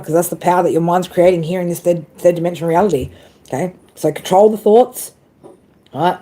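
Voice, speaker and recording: A woman's voice: fairly low pitch, warm tone. A woman giving a casual live tarot reading, rambling and profane, tagging her sentences with "right?" and "man" and breaking into laughs. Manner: frequent laughs and self-corrections. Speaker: tarot reader.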